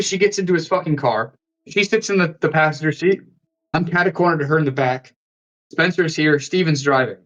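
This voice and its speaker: Young male podcast guest from the Midwest, pitched a touch high; loose, sweary, rambling storyteller. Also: muffled recording. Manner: profane and rambling, heavy use of "like". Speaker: podcast guest, fitness coach. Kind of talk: casual storytelling in a podcast interview.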